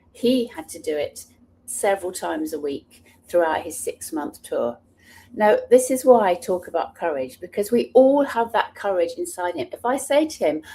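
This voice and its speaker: A woman's voice: lowish voice, warm tone, slight background noise. A middle-aged woman, an author and speaker, telling personal stories in an earnest, passionate way, sometimes restarting her sentences. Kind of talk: personal storytelling talk.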